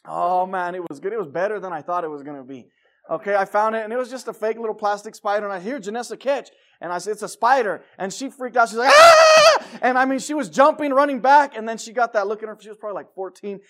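A middle-aged man preaching a sermon in a church, emphatic and exhorting, with lively stories and asides. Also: high-pitched, quick pace. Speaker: pastor. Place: church sanctuary.

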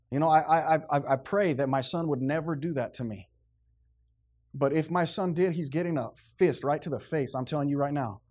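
A man's voice: a little high, fairly quick, darkish tone. A man preaching a sermon in a stern, emphatic, plainspoken way, repeating phrases to drive his points home.

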